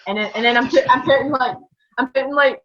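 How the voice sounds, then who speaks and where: Scottish woman telling animated stories. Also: high voice, quick pace. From Scotland. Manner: animated, laughing, many fillers. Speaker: interview guest, wrestler. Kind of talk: casual storytelling. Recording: dull lo-fi sound.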